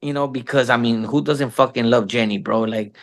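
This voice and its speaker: A man in his thirties, a podcast guest, telling stories in casual slangy talk full of cursing, calling people "bro" and "fool", and jumping up in pitch to act out the voices of people he quotes. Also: steady tone, moderate pace. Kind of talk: casual storytelling interview.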